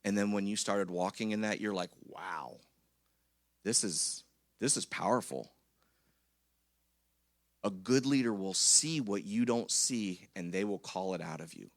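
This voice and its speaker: A man's voice: on the low side, normal speed, few pauses, no echo, clean studio sound. Chatty man preaching a sermon. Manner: chatty, jokey, keeps checking in with the congregation. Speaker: pastor. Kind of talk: conversational sermon. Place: church.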